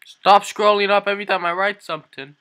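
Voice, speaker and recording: Bright-voiced joking male host. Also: high voice, little pitch movement. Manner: playful, teasing, quick asides. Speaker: channel host. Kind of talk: casual joking chat.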